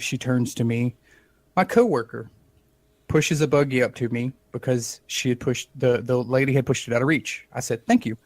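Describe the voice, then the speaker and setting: Man, podcast co-host, comic storytelling, wry, animated, acts out dialogue, mid pitch, dry close sound. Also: dry recording.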